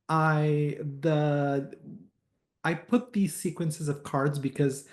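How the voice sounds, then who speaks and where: A man's voice: fairly high pitch, a little mellow. A man teaching tarot, telling a story from a reading in an online class, hesitant with many "uh"s and restarts, livelier when he quotes people.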